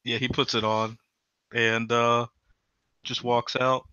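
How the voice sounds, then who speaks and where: Bright-voiced hesitant male player. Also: medium pitch, level tone, slow pace, clear, resonant tone, no room sound, dull audio. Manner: hesitant, filler-heavy. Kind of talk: describing his character's actions.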